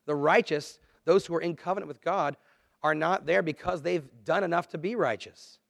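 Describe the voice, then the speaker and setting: A man preaching a sermon, earnest and conversational, swinging between quiet, low asides and louder, emphatic lines. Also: moderate pace, creaky, dry recording, clean studio sound. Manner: earnest, conversational preaching with dramatic dips and swells. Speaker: pastor.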